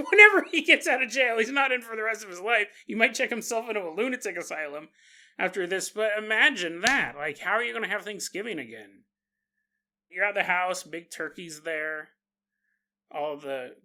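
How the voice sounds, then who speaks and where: A man's voice: sits high, bright, forceful tone. A man hosting a paranormal podcast, retelling a strange story with comedy, laughing often and slipping into mock voices for the people in it. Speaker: podcast host.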